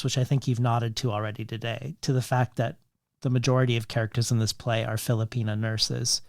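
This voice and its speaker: A male podcast host with a gravelly, fry-laden voice asks long, measured questions in a dry, close-miked room. He reads quoted passages and statistics at a steady, deliberate pace. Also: medium pitch, no echo. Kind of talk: literary interview.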